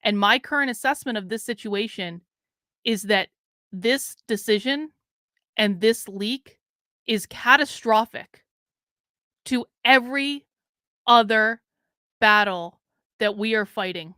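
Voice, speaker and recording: A woman in her thirties hosts a live political commentary stream, speaking bluntly and straight to her chat. Her voice sits a little high and sounds bright and crisp. The sound is dry and close to the mic. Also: takes it slowly, pauses often, no echo. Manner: frank and blunt, talks straight to chat, swears. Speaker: livestream host. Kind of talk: casual political commentary livestream.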